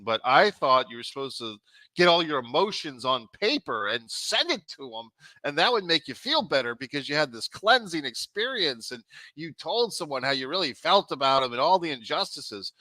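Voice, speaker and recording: A man's voice: on the high side, expressive, normal speed, sharp tone, no echo, poor audio. A man co-hosting a podcast, telling stories about himself with a laugh. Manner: storytelling, self-mocking, laughs often. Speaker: podcast co-host. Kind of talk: casual podcast chat.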